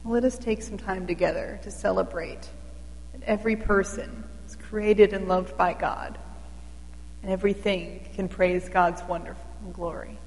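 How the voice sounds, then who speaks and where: A woman reading a Christmas hymn story aloud in a slow, gentle, devotional way. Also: medium pitch, fairly even intonation. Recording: long hall reverb.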